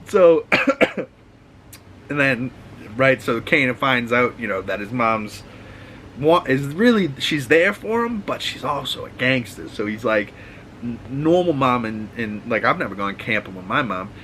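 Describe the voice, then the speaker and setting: A man's voice: medium pitch, animated, moderate pace, bright, forceful tone, a little hiss or hum, rough recording. A man with a Boston accent hosting a casual, rambling, profane recap of TV shows, full of restarts. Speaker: host.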